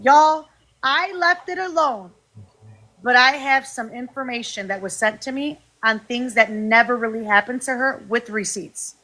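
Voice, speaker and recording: A woman hosting a livestream, talking in a heated, animated way to her viewers and swearing freely. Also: a little high, unhurried. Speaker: livestream host. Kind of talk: heated casual livestream talk.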